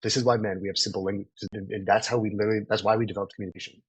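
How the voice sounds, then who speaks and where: Fast-talking husky male sales coach. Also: lowish voice, level tone, no echo, low-quality recording. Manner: casual, profane, lots of "right?". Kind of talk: live online training session.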